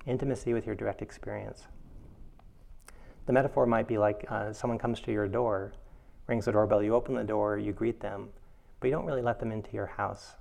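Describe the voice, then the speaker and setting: A man's voice: on the low side, fairly quick, vocal fry. A man giving a reflective dharma talk as a meditation teacher. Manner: reflective, animated when telling a funny story.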